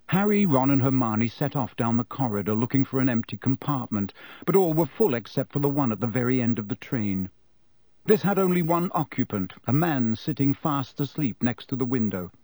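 Male narrator, animated storybook reading, dry close mic. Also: mid-range voice, moderate pace, no room sound. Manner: expressive storytelling delivery. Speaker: audiobook narrator. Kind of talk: scripted narration.

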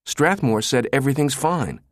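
A man's voice: medium pitch, lively intonation, normal speed, no room sound, clean studio sound, voice pushed up, natural voice. A man doing Brinkerhoff, a flustered assistant. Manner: pleading and flustered. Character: nervous, exasperated male office assistant.

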